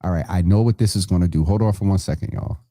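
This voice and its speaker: A man with a low, mellow voice hosts a live online show from a dry, close-miked room. He runs through announcements in a casual, rambling way, often stopping mid-sentence to fix what he just said. He speaks straight to his viewers, calling some of them by name. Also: fast, no room sound. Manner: chatty and rambling, self-correcting, talks to viewers by name.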